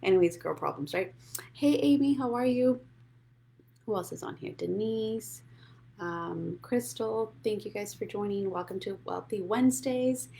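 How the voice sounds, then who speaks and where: A woman's voice: mid-range voice, expressive, measured pace, creaky, warm tone. A woman hosting a casual live money show, bubbly and greeting viewers by name. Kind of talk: casual live-stream chat.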